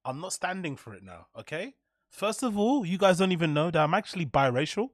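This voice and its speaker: Animated young man streaming. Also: sits high, a little fast, dry recording, studio quality. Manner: animated, profane, mock-outraged. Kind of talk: live reaction commentary to chat.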